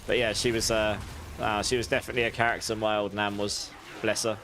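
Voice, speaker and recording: A man's voice: lowish voice, little pitch movement, fast, a bit bright, slight background noise. A British man streaming and chatting casually with viewers, in a rambling, friendly way with frequent restarts. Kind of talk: casual livestream chat.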